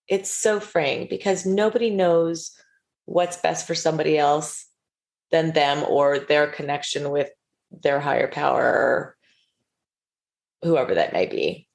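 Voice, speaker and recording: A woman's voice: low voice, creaky. A middle-aged woman speaking as a podcast guest, earnest and storytelling as she gives advice to listeners. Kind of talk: casual interview chat.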